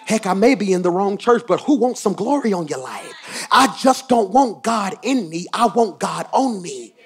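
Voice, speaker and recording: A male pastor preaching a sermon, swinging from quiet asides to shouted emphasis and repeating phrases for effect. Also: high-pitched, lively intonation, normal speed.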